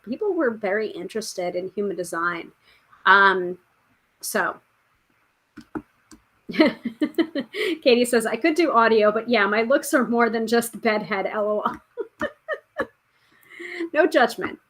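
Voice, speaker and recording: A woman's voice: mid-range voice, pushed and bright. A woman hosting a tarot podcast live stream, chatting casually and reading out viewer comments. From United States. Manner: chatty, reads out viewer comments, frequent fillers.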